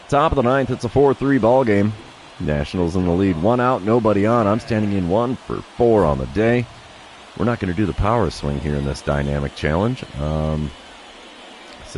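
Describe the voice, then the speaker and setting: A man streaming a baseball video game, calling each pitch like an announcer with dry self-deprecating asides. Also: darkish tone, slight background noise. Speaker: gaming streamer. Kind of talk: play-by-play commentary of his own video game.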